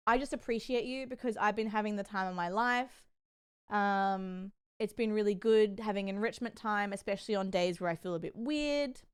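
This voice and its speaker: A woman's voice: medium pitch, smooth. A young woman streaming, chatting casually with her viewers, giggly and rambling, blurting out crude jokes. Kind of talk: casual livestream chat.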